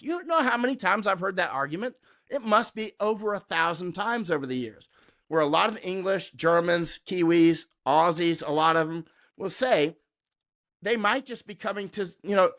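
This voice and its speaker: A man's voice: sits high, moderate pace, a bit bright. A middle-aged American man, a war correspondent, talking combatively and emphatically in an interview and often tagging his points with "right?". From United States. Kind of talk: conversational interview.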